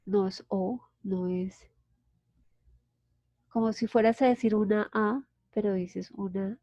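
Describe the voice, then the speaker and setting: A woman's voice: mid-range voice, steady tone, no echo, lo-fi sound. Colombian woman teaching English, patient. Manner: patient, explains slowly with restarts. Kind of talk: online class explanation.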